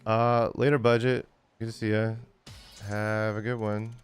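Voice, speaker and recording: His voice is fairly low, level and clean, unhurried, over soft background music. A weary man in his forties, he's chatting through a gaming livestream, rambling, filling gaps with fillers, and chuckling a lot.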